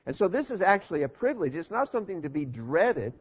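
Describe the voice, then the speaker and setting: A man preaching a sermon in an earnest, steady teaching manner, asking rhetorical questions. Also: sits high, fast, breathy edge. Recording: dull lo-fi recording.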